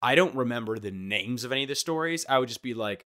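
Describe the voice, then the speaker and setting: A man's voice: medium pitch, animated, fast talker, hardly any pauses, a bit bright. A young man in casual podcast chat, rambling and profane, acting out comic bits.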